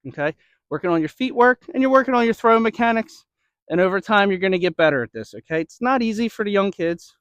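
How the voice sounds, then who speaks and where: Baseball coach demoing drills: a high-voiced man, slightly winded, checking in with "okay?" and "right?", in a dry, close recording. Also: lively intonation, quick pace, a bit bright, clear, resonant tone, no echo. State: slightly out of breath. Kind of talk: instructional demo.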